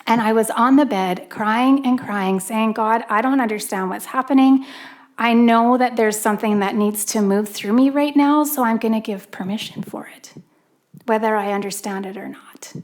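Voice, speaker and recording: A middle-aged woman from Canada delivers a sermon from the church stage, holding a handheld microphone. Her voice sits a little higher than most, and she tells a personal story with animated expression, acting out gasps and cries as she goes. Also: normal speed. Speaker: pastor.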